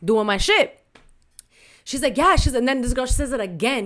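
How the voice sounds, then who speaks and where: A woman's voice: sits high, animated, normal speed, pauses often, a bit bright. Candid woman telling a work story. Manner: candid storytelling with slang and Spanish asides. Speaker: podcast co-host. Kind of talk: casual chat.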